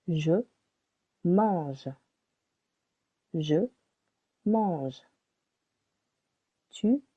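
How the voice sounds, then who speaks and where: A woman's voice: medium pitch, breathy edge. A woman teaching a beginner French lesson, spelling out letters and saying each example word twice. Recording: tinny phone-like sound.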